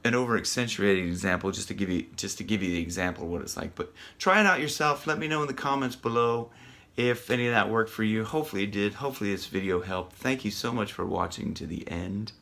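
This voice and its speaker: A man teaching a casual singing lesson, chatty and rambling with many ums and restarts, breaking off to sing loud rock lines. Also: lowish voice, fast talker, vocal fry. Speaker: vocal coach.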